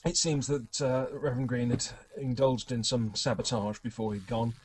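A man's voice: medium pitch, steady tone, normal speed, a little mellow, slight background noise, low-quality recording. A man running a tabletop game, narrating in a wry, chatty way and laughing often. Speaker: game master.

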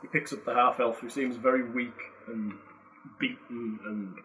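A man's voice: medium pitch, fairly even intonation, a little slow, a crowd in the background. A man narrating a tabletop game as game master in a casual, jokey way. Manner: casual, jokey, swears lightly. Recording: distant mic, faint noise.

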